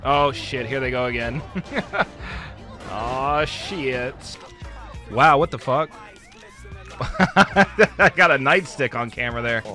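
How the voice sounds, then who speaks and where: A young man streaming a video game, laughing constantly, swearing freely and bursting out in excitement. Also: mid-range voice, slow pace, long pauses, faint music behind. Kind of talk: casual gameplay commentary.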